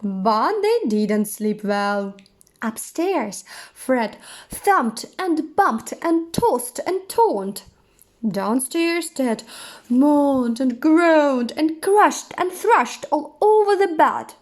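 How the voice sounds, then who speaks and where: Woman reading a kids' book aloud; high, very slow, lively sing-song. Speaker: storyteller. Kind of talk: children's story read-aloud.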